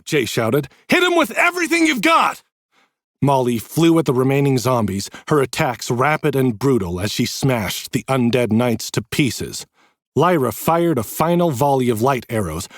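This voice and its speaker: A man reading a fantasy audiobook in dramatic, expressive narration. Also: medium pitch, dry recording, clean studio sound.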